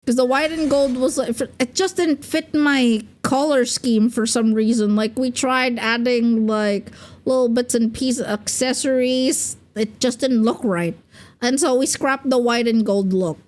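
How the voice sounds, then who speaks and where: Slow, giggly young woman streamer. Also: on the high side, steady tone, a little mellow. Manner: rambling, giggly, full of fillers. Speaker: VTuber streamer. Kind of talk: casual livestream chat.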